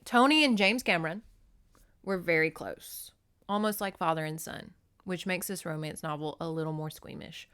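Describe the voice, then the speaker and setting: A woman's voice: medium pitch, a bit bright. A woman from Louisiana, recapping a novel in a chatty, sarcastic podcast style with plenty of swearing. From Shreveport, Louisiana, US. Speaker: podcast host. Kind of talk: casual comedic book recap.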